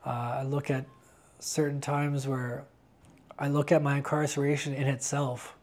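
A man giving a candid interview about his faith, talking earnestly and haltingly with frequent restarts. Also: mid-range voice, flat delivery, darkish tone. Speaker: interviewee sharing a personal faith testimony.

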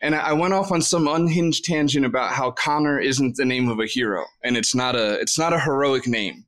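A man chatting as a podcast guest, poking fun at himself as he tells a story. He stumbles and restarts his sentences often, at an ordinary middle pitch. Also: a bit bright. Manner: self-deprecating, halting restarts. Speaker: podcast guest, content creator. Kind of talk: casual chat.

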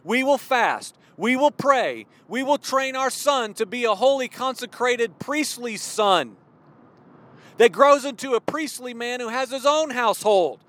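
Fervent high-voiced preacher man. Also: animated, unhurried. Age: 40s. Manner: fervent and worked up, at times yelling. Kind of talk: impassioned sermon.

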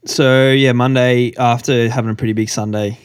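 A man co-hosting a casual chat, chipping in with dry short remarks and low-key teasing. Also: fairly even intonation, moderate pace, clean tone. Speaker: podcast co-host.

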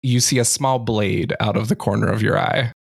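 Casual game master narrating. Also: male voice, on the low side, moderate pace, vocal fry, breathy edge. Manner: relaxed, casual narration with fillers.

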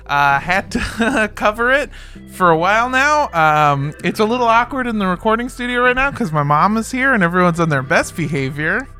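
A man's voice: high-pitched, very animated, moderate pace, bright, forceful tone, faint music behind. A man in his twenties co-hosting a comedy podcast, casual and joking, laughing often as he chats in a recording studio. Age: 20s. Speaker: podcast co-host. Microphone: studio microphone.

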